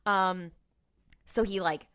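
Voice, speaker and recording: A woman co-hosting a podcast, casually recapping a TV episode with lively voiced asides for the characters. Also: fairly low pitch, clean tone. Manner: animated storytelling with quick voiced impressions of characters. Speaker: podcast co-host.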